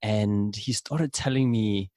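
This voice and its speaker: Guest: young South African man, low voice, loose chatty storyteller, dry sound. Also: slow, no echo. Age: young adult. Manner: relaxed storytelling with fillers. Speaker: podcast guest. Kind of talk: casual interview chat.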